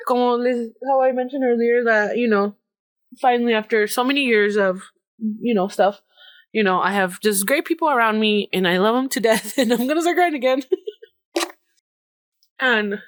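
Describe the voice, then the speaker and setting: A woman's voice: on the high side, moderate pace, pauses often, no echo. A woman in her late twenties hosting her own podcast in casual chat, emotional and laughing through tears, now and then dropping into Spanish. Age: 20s. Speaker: podcast host.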